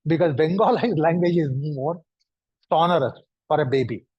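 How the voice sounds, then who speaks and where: Man, lecturing, deliberate and repetitive, slightly high voice, dull dry recording. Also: breathy edge, no echo. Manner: deliberate, repeats and stacks synonyms for emphasis. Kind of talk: lecture to an audience.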